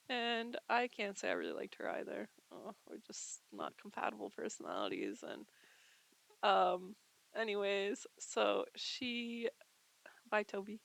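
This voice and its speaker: A woman's voice: medium pitch, vocal fry. A woman telling a story casually at home, chatty and full of filler words, her lungs tired from being sick. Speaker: vlogger.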